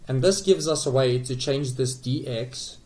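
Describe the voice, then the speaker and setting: A man's voice: medium pitch, measured pace, darkish tone, rough recording. A man tutoring calculus, explaining step by step in a patient way with frequent okays and small self-corrections. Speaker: math tutor.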